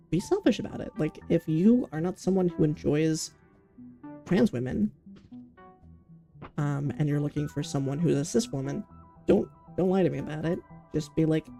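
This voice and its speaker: A woman chats casually on a livestream, rambling and frank and swearing freely. Her voice is dark and mellow, with a gravelly fry running through it, and faint music plays behind her. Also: deep voice. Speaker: streamer.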